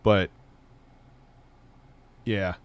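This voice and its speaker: A middle-aged man hosting a live stream, chatting loosely and rambling, with casual swearing. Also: extremely slow. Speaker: streamer host.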